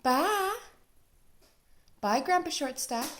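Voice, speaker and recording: Brief young mother, high lively voice, unhurried coaxing baby talk on a phone video, faint noise. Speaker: mother filming her baby.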